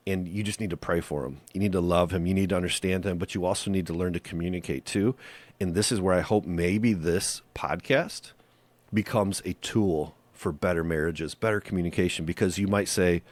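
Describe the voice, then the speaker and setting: A man's voice: deep voice, fairly quick, dry recording. A male podcast host giving faith-based relationship advice in an earnest, conversational monologue that leans on rhetorical questions.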